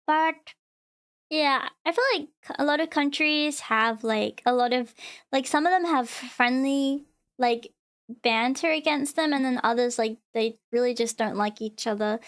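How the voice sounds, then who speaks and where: A woman with an Australian accent talks in a high, bright-pitched voice, chatting loosely on a live stream. She rambles from thought to thought and fills the gaps with "like" as she reacts to her chat. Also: measured pace. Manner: rambling, chatty, full of "like" fillers, reads chat aloud. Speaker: VTuber streamer.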